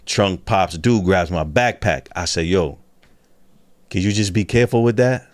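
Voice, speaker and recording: A man telling a profane, animated story in casual conversation, acting out the other voices in it. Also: sits low, measured pace, no room sound. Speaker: guest.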